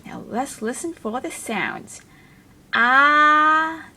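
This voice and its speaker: A woman leads a children's phonics lesson at a very slow, careful pace, stretching out each letter sound. Her voice is bright and swoops up and down with lots of melody as she encourages the little ones and chats to a puppet helper. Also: on the high side, big pitch swings, slightly rough. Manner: sounds out letters one at a time, drawn-out and encouraging.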